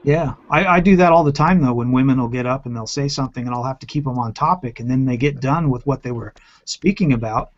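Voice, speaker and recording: A man's voice: medium pitch, quick pace, hardly any pauses, muffled recording. A man who teaches, chatting bluntly and profanely in a casual round-table discussion and acting out exasperated quotes. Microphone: online video call.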